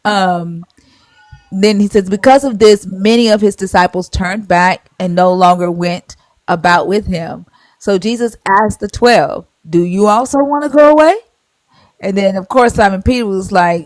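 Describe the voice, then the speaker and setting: A woman's voice: mid-range voice, moderate pace, no echo, studio quality. A woman hosting a live stream, bluntly arguing and retelling scripture in casual slang with swearing.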